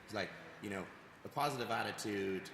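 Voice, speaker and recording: A man with an Irish accent, a gym coach co-hosting a podcast, talking in an animated, rambling way and repeating phrases. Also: fairly low pitch, brisk. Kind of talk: casual podcast chat. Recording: echoey room with long reverb and background noise.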